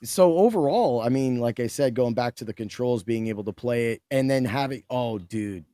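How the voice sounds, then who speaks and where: A man in casual chat as a podcast guest, excitable and rambling, with restarts. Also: mid-range voice, moderate pace, no room sound, studio quality.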